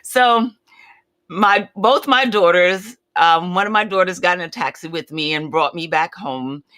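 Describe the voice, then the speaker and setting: Bright-voiced woman in her seventies. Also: on the low side, unhurried, no room sound. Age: 70s. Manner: chatty, candid, retells conversations with animated quoting. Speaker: livestream host. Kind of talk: casual storytelling chat.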